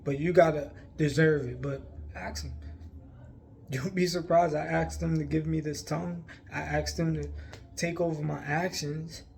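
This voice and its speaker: A man's voice: fairly high pitch, a little mellow, slight background noise. A man talking earnestly to his viewers about faith, pleading and repeating himself, with frequent laughs. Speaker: faith vlogger. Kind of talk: casual spiritual encouragement to camera.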